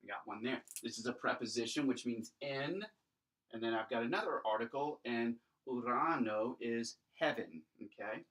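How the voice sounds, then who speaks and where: Homem professor explicando, voz distante do microfone. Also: male voice, medium pitch, normal speed, fairly bright tone. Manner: explanatory, thinks aloud while writing, asks rhetorical checks. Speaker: Greek teacher. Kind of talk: recorded classroom lecture at a whiteboard.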